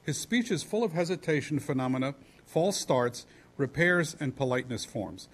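A man giving an academic lecture in a measured, analytical way with formal wording. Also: medium pitch, lively intonation.

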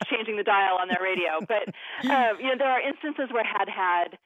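A woman's voice: medium pitch, normal speed, a crowd in the background. A woman grammar expert, a guest on a call-in radio show, explaining usage in a chatty way with many fillers. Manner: chatty, many "you know" fillers, laughs easily. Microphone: phone. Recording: narrow phone line.

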